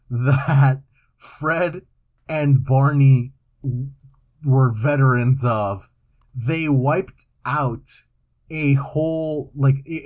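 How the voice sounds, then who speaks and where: A young man co-hosts a podcast at an unhurried pace, his pitch rising and falling widely. He delivers absurd facts in a deadpan way, with the odd weary sigh. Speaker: podcast co-host. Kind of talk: casual chat.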